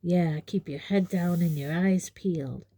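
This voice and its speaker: Woman doing a gruff, suspicious old wizard. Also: on the low side, mellow. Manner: growling, clipped, brisk warnings. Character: gruff, grizzled old male auror, suspicious.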